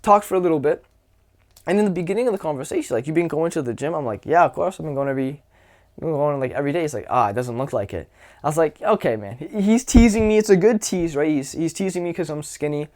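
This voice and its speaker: A young man with a somewhat high voice talks through dating advice in a relaxed, unscripted way. He swears freely and keeps slipping into quoted lines from his own stories. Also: fast. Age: young adult. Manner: loose and profane, acts out anecdotes with quoted voices. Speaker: social skills coach. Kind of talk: casual advice monologue.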